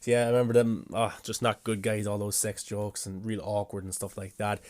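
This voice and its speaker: A man's voice: on the low side, flat delivery, brisk, a little mellow. A young man hosting a casual video, chatting enthusiastically as he reads out fan questions and comments on them. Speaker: host.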